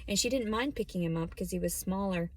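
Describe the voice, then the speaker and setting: A woman's voice: mid-range voice, quick pace, no echo. Blunt, profane woman rambling in a car. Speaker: vlogger. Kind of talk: casual vlog monologue. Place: parked car in a store lot.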